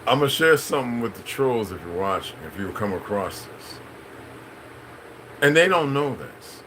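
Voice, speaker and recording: A man's voice: medium pitch, big pitch swings, normal speed, bright, forceful tone, a little hiss or hum, poor audio. A middle-aged man, a channel host, in a rambling, profane, preachy unscripted monologue.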